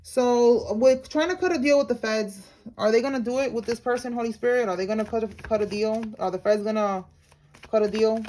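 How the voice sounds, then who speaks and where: A woman's voice: fairly high pitch, fairly quick, darkish tone. A woman giving a casual tarot reading to her viewers, talking in a slangy, blunt way and calling them y'all. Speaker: tarot reader.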